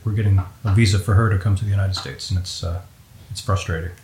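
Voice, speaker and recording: A man hosting an interview podcast, asking curious clarifying questions in a relaxed conversational way. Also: low voice, quick pace, slight background noise. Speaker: podcast host. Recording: roomy echo.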